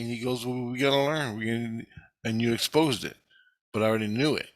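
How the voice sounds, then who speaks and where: A man's voice: mid-range voice, brisk, dry recording. A man telling a rambling, agitated, profanity-filled story about his own experiences and acting out what others said to him in his own voice. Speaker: vlogger recounting experiences. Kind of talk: rambling first-person story.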